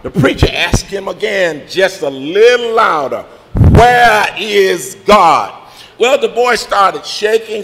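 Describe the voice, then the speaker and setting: A man preaching a sermon, telling a story and then building to shouted call-and-response preaching. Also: sits high. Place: church. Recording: reverberant church hall with faint music.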